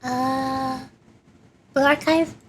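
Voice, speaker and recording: A woman's voice: high-pitched, steady tone, very slow, background noise. A woman streamer chatting casually and giggling while playing a game. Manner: bubbly, giggly, rambling. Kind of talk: casual gaming chat.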